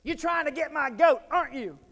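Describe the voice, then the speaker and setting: Man playing an angry male schoolteacher, bullying, high shouted voice, big echoing hall. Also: moderate pace, close to an everyday voice. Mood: scolding. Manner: yelling, bullying. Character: angry strict male schoolteacher, middle-aged. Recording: echoey hall.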